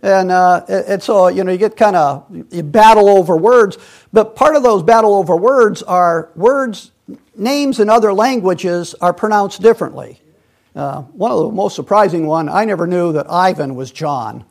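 A man's voice: high voice, animated, normal speed, creaky. A man leading a Bible study, rambling and digressive, with many restarts and fillers. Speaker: Bible teacher.

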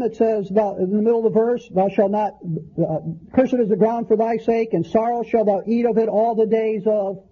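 A man's voice: very high-pitched, breathy edge, dull audio. A man preaching a conversational Bible-teaching sermon, often restarting phrases as he works through verses.

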